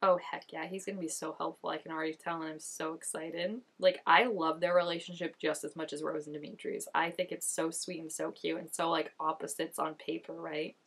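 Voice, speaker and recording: A woman's voice: low voice, level tone, brisk, hardly any pauses, a bit bright, husky. A young woman giving casual reaction commentary, chatty and full of "like", gasping and exclaiming as she watches. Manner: chatty, lots of "like", gasps and exclaims while watching. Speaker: reaction vlogger.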